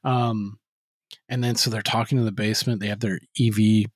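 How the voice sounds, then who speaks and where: A man's voice: on the low side, little pitch movement, moderate pace, dry recording. Profane, rambling podcast co-host, man. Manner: profane, rambling recap with acted quotes. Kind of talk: casual movie-review chat.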